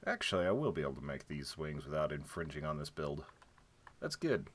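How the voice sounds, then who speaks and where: A man's voice: very deep voice, sing-song, a little fast, a little hiss or hum. A young man streaming a building game, chatting casually and jokingly, with lots of fillers, and counting blocks under his breath.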